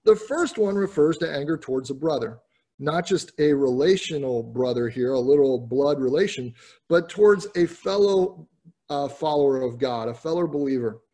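A man's voice: fairly high pitch, expressive, normal speed, warm tone. A man giving an earnest, explanatory Bible teaching in sermon style, often repeating words as he restarts sentences. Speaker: pastor teaching scripture.

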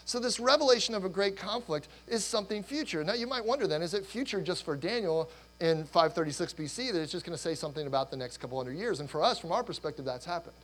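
A middle-aged man preaching a sermon, animated and rambling, with restarts and laughter, his voice going hoarse. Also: high-pitched, low-quality recording. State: losing his voice. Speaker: pastor.

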